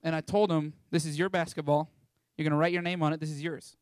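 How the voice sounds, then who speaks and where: A young man tells a story to an audience in an animated, playful way, switching into the voices of the people he describes. His voice sits slightly high for a man. The sound is dry and close, with little room reflection. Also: fast talker, clear, resonant tone, dry recording. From Texas. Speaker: ministry school student sharing a testimony.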